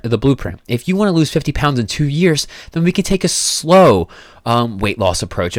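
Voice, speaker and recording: A man's voice: mid-range voice, no echo, studio quality. A young man talking as a fitness coach in a casual monologue, blunt, emphatic and full of profanity.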